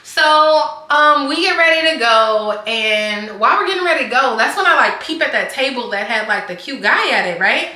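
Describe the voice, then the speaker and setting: A woman's voice: on the high side, animated, normal speed, few pauses, bright, forceful tone. A young woman telling a casual storytime, chatty and rambling, filling her talk with "like". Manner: chatty, rambling, heavy use of "like". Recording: echoey room.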